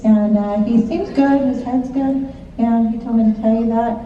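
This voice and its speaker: This psychic medium talks at a moderate pace in a fairly high voice with fairly even intonation. Onstage before a live audience in a large hall, she reads for people chattily, laughs a lot and checks in with quick questions. The audio comes from a phone in the seats: distant, echoey, muffled, with faint noise.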